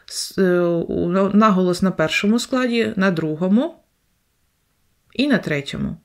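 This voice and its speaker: A woman's voice: medium pitch, normal speed, a little mellow. English teacher, female, Ukrainian accent, talks through tasks and repeats each instruction in both languages. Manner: explains each step twice, in English then Ukrainian. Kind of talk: explaining a textbook lesson.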